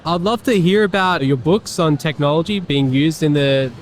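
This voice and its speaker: A man's voice: fairly high pitch, moderate pace, a little hiss or hum. A man hosting an interview, listening closely with brief affirmations and asking curious questions. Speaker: interview host. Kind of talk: casual conversational interview.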